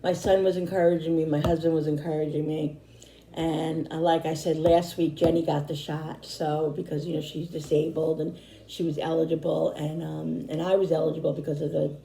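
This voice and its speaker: A tired-sounding middle-aged woman vlogger chats to camera in a loose, rambling way, repeating herself and circling back over the same points. Her low, mellow, slightly hoarse voice stays level at a normal speed. The audio is echoey, like a bare room, with slight background noise.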